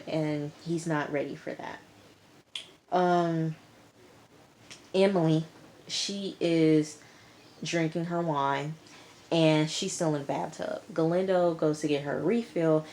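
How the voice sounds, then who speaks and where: Brief: young woman, low voice, sassy casual TV recap vlogger who snaps back at characters. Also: darkish tone, slight background noise. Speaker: TV episode reviewer.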